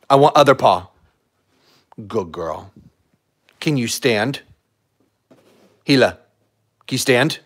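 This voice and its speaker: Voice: medium pitch, a bit bright. A live stream host at home chatting casually with viewers and talking to the dogs in playful baby talk. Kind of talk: casual livestream chat.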